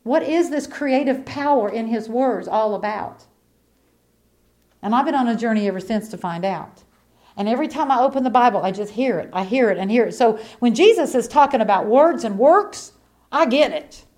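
A middle-aged woman preacher giving a sermon in a folksy, colloquial way. She repeats her key lines and moves between hushed storytelling and fervent preaching. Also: on the high side, lively intonation, normal speed.

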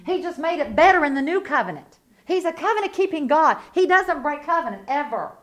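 A middle-aged woman preaching a sermon with fervent conviction, swinging from quiet reflection to loud emphatic bursts. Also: high-pitched, big pitch swings, a little fast.

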